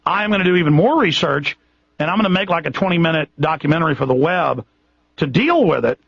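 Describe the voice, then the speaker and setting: Gravelly, indignant radio host. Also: male voice, fairly high pitch, lively intonation, quick pace, fairly bright tone, no echo. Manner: impassioned, indignant ranting with many restarts. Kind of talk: monologue on a radio show. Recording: dull lo-fi radio broadcast, dry.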